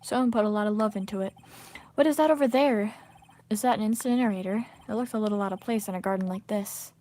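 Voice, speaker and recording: A woman's voice: medium pitch, quick pace, dark tone, a little hiss or hum, lightly acted. Woman reading a puzzled young lawyer guy, dry and curious.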